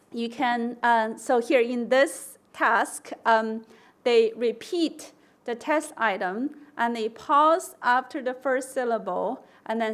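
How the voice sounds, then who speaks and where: Slow-talking woman giving a lecture. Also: a little high. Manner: explanatory, demonstrates test prompts with slow stressed words. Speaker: conference speaker. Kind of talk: academic lecture.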